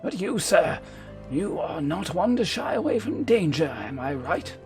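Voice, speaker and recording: A man puts on a pompous noble knight whose voice is pushed well above his own, swooping and lively as he hands out orders. The delivery is lofty and archaic, read aloud from a game's dialogue with theatrical relish. It sounds like a strained, exaggerated put-on voice. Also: high-pitched, unhurried, vocal fry, over music, voice pushed up, heavily acted. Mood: haughty. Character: pompous high-born male knight giving orders.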